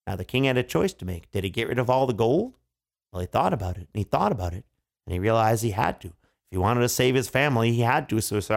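Male family storyteller, playful asides, gravelly, very lively pitch, slightly high. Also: fast. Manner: playful, chuckling asides to kids.

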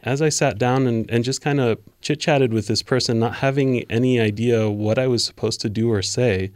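A man co-hosting a faith discussion, telling a personal story in an earnest, measured way. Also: mid-range voice, fairly even intonation, a little mellow, no room sound, studio quality.

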